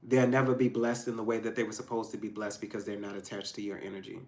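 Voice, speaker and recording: A man giving a casual tarot reading to his viewers, emphatic and frank, swinging between loud outbursts and low asides. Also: level tone, quick pace. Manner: frank and profane, addressing viewers directly. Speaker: tarot reader.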